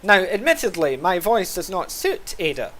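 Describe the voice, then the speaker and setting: A man with a Scottish accent chatting casually while streaming an online game, sardonic and quick to grumble about lag. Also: sits high, very animated, a bit bright, a little hiss or hum, rough recording. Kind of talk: casual gaming stream chat.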